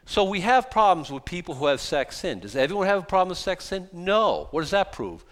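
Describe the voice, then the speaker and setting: A man preaching a sermon as a pastor, emphatic and blunt, mocking excuses in quick put-on voices. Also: sits high, very animated, a bit bright.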